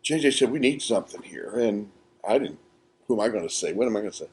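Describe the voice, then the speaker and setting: Animated man telling set stories. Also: fairly low pitch, fast. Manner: animated, acts out quotes with laughter. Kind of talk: casual anecdotal storytelling. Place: small theatre, live podcast.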